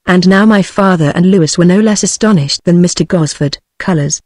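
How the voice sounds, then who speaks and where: A text-to-speech voice narrating an old detective story audiobook in an even, mechanical reading. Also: mid-range voice, fairly quick, no echo, studio quality.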